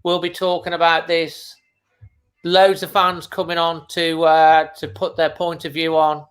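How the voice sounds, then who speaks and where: A man's voice: fairly high pitch, completely flat delivery, measured pace, fairly bright tone. A man hosting a live fan watchalong, speaking casually and emotionally as he holds back tears and repeats himself. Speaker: fan channel host. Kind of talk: live match watchalong commentary.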